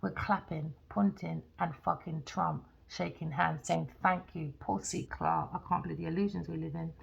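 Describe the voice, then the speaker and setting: A woman with a low, gravelly and husky voice, ranting with heat and swearing freely. She talks casually as a tarot reader venting to her viewers. The sound is dull and lo-fi. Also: steady tone, normal speed. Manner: profane, ranting. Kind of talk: heated casual rant.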